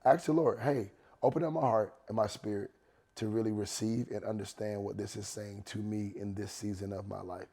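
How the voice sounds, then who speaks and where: A man in his forties with a low, gravelly voice talks in a loose, slangy way. His tone is mellow and unhurried, and he circles back to the same advice to drive it home. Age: 40s. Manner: relaxed, slangy, repeats advice for emphasis. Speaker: podcast guest, worship leader. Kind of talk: casual chat.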